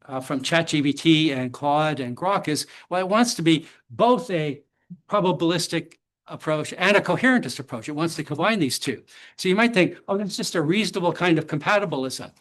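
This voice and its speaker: A man delivering an academic talk in a measured, explanatory manner, with a voice pitched a little high for a man. He drops in the odd blunt, dry joke without breaking his lecturing tone. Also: expressive, fairly bright tone. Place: lecture hall.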